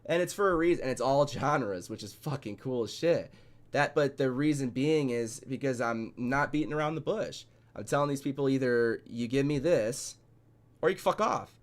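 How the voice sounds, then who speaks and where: A man's voice: mid-range voice, expressive, moderate pace. Blunt, profane man rambling on. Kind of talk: casual podcast chat.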